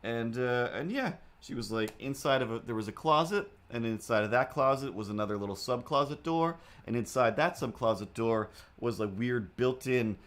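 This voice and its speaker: A man's voice: medium pitch, fairly bright tone. A man chatting in a rambling, playful way on a live stream while he draws, now and then slipping into silly voices. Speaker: streamer drawing comics.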